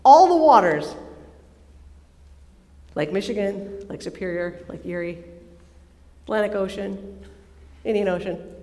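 A woman preaching a sermon to a live audience, animated and playful, often asking the listeners questions. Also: mid-range voice, unhurried, pauses often. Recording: long hall reverb from a live service.

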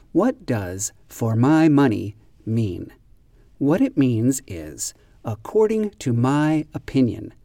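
Man hosting an English lesson podcast: spells words out, stresses them deliberately, warm tone, dry close sound. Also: mid-range voice, dry recording. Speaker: podcast host and English teacher. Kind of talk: slow, careful teaching explanation.

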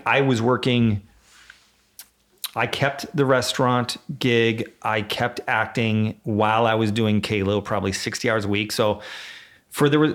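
A man, telling stories in a loose, swearing, animated way and acting out voices as a podcast guest. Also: medium pitch. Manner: animated, swearing storyteller who acts out voices in quotes. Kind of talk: casual podcast chat.

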